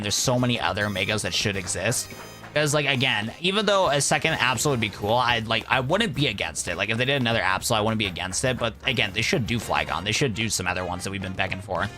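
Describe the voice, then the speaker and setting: Young male streamer, loose and rambling, bright edge, mid pitch. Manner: rambling, laid-back, calls chat "bro". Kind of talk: casual live-stream chat.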